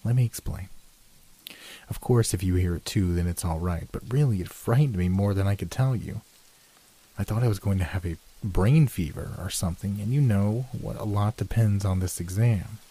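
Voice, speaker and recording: A man's voice: fairly low pitch, normal speed, mellow, husky. A man voicing an anxious, earnest young male student, urgent and pleading.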